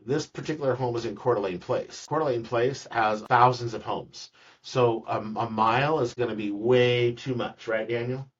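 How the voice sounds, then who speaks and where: A man's voice: mid-range voice, normal speed, slightly rough. A man, a real estate agent, walks a colleague through a screen-recorded tutorial in a chatty, joking way, repeating words as he goes. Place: office room with a colleague. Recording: dull, distant screen-recording audio.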